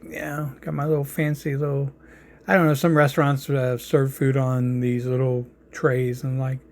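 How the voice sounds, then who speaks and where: Casual cooking-show host, a man with a New York accent and a gravelly, creaky voice, rambling and easygoing. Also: medium pitch, a little hiss or hum. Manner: rambling, lots of fillers and restarts.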